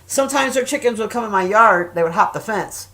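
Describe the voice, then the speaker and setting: A middle-aged woman chatting casually and telling stories, swearing often and jumping loud when she acts out quoted voices. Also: medium pitch, a little fast. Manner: profane, animated, acts out quoted voices loudly. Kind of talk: casual storytelling chat.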